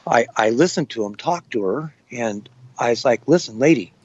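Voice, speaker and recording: A man's voice: mid-range voice, lively intonation, moderate pace, highs cut off. A man recounting what he witnessed in an interview, plain-spoken and rambling. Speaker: eyewitness.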